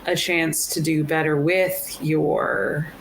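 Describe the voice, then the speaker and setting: A woman's voice: low voice, flat delivery, takes it slowly, a little hiss or hum. A woman playing a tabletop role-playing game, tentatively thinking through her plan aloud. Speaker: player. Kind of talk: casual game-table talk.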